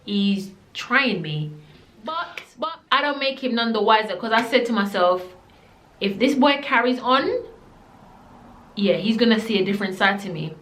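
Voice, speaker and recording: A woman with a Jamaican accent telling a casual story to camera, animated and slipping into patois. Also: fairly high pitch, normal speed. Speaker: vlogger. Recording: echoey room.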